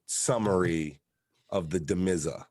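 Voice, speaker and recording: A man's voice: deep voice, unhurried, a little mellow, dry recording, clean studio sound. A man hosting a podcast in casual chat, emphatic and swearing freely. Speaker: podcast host.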